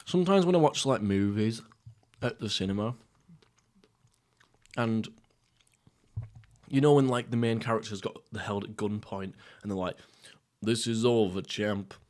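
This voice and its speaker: A young man from England hosting a casual solo podcast while eating, rambling through jokey, crude, deadpan stories. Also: lowish voice, moderate pace, pauses often. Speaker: podcast host. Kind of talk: casual solo mukbang chat.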